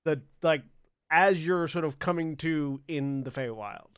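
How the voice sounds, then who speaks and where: A man narrating as game master of a tabletop game, relaxed and thinking aloud as he makes rulings. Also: a little high, a little slow, smooth, no room sound, studio quality.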